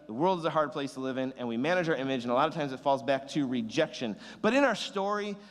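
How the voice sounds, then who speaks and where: A young man giving a casual, joking youth sermon, chatty and self-deprecating. His voice sits at a middle pitch, and the long reverb of a large hall trails every phrase. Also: fast. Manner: rambling, self-deprecating, animated. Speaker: youth pastor.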